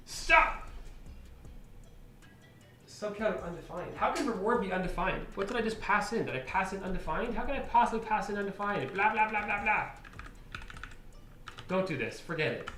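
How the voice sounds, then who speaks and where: A man working through code on a live stream, talking slowly and mumbling his steps to himself. His voice is bright and a little sharp, and it carries an echo from a bare room with faint noise behind it. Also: high voice. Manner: mutters to himself, frequent exasperated outbursts and laughs. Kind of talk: live coding stream, thinking aloud. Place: room at a computer, keyboard clicks.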